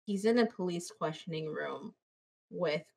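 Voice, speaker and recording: A woman's voice: fairly low pitch, a little slow, vocal fry, darkish tone, slightly rough. A woman hosting a podcast, casually retelling a movie with plenty of swearing and quoted voices. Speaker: podcast host. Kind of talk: casual movie-review chat.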